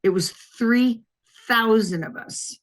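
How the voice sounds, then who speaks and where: A woman in her sixties from Wisconsin, a retired police detective telling her life story in an interview, lively and acting out quoted dialogue. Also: fairly high pitch, slow.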